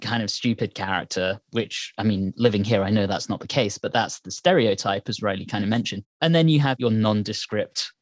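A man's voice: fairly low pitch, fairly quick, few pauses, dry recording. Sounding man, dry close podcast mic. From Britain. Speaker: podcast co-host and editor. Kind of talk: casual chat.

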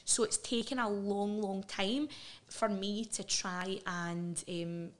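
A woman's voice: mid-range voice, fairly even intonation. A middle-aged Scottish woman, a podcast guest, talking frankly and earnestly about her past in a candid interview. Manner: earnest, frank, quick asides and laughs.

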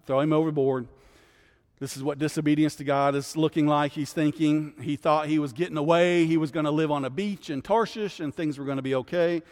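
A man's voice: a little high, darkish tone. Man teaching a bible study, hall echo. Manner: conversational, keeps asking "right?". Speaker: guest pastor.

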